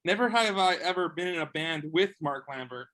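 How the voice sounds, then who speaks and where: A man co-hosting a band interview, reading out game questions in a relaxed, casual way. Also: fairly high pitch, brisk, rough recording. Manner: relaxed, reads questions aloud. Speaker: co-host running a drinking game round.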